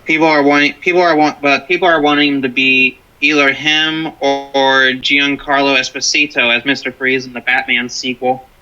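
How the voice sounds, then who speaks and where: A man joining a casual movie discussion as a guest, giving relaxed, brief replies. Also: mid-range voice, normal speed, few pauses, highs cut off, faint music behind. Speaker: co-host guest.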